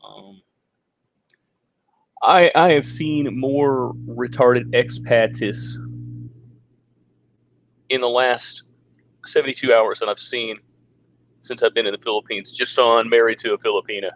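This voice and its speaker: A man's voice: fairly even intonation, unhurried, long pauses, a bit bright, rough recording. Crude, sarcastic man in his forties. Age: 40s. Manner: crude, sarcastic, mocks people in high put-on voices. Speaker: vlogger. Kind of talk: casual livestream rant. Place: home in the Philippines.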